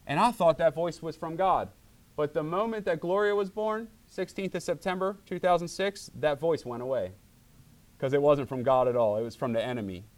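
A middle-aged man delivers a sermon from the pulpit. He speaks in a fairly high voice and stays animated, acting out what people say as he tells stories to his congregation. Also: normal speed. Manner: animated, acts out voices in quotes. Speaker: pastor.

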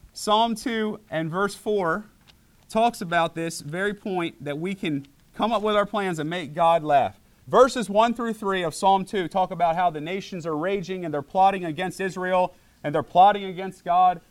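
A middle-aged man preaching a sermon to his church, animated and acting out voices when he quotes people. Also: high voice. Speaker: pastor.

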